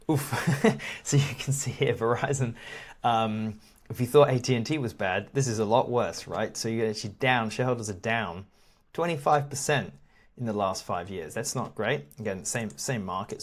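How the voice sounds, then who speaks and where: A man with a lowish voice talks through stock reports on screen in a relaxed, teacherly way. He restarts and repeats words often and lets out the odd chuckle as he explains. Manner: casual, repeats words often, laughs now and then. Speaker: investing educator. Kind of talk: screen-share walkthrough.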